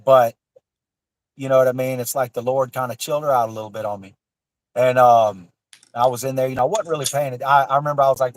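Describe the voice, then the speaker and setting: A man's voice: mid-range voice, fairly even intonation, fast talker, dry recording, rough recording. Rambling, profane man. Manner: rambling, profane, many fillers and restarts. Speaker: guest telling a personal story. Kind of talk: casual storytelling on a livestream.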